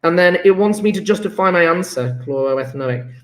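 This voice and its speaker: A chatty man teaching chemistry, his voice sitting a little high for a man. He thinks aloud and gets enthusiastic as he works through homework answers. The sound bounces around an echoey room. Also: expressive, brisk, a bit bright. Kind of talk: recorded homework review lesson. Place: classroom.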